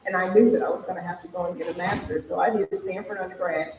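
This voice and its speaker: A woman's voice: lowish voice, steady tone, quick pace, a little mellow, distant mic. A woman journalist on a panel, speaking emphatically and agreeing. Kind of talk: fireside chat. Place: large hall event. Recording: noisy echoey hall from afar.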